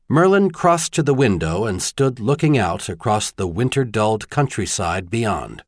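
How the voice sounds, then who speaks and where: A man reading an audiobook in expressive scripted narration. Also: lowish voice, measured pace, hardly any pauses, no room sound, studio quality.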